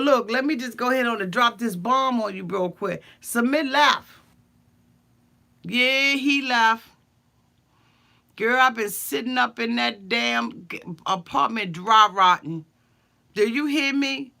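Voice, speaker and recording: Woman, sassy comedic recap, blunt and profane, bright tone. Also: fairly high pitch, slow pace, creaky, pauses often. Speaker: show recap commentator. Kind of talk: comedic reality show recap.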